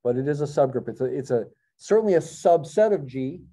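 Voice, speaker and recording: A man's voice: fairly high pitch, animated, fairly quick, warm tone. A middle-aged man teaching a college math class, thinking aloud with wry asides and self-corrections. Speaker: math professor. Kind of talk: classroom lecture.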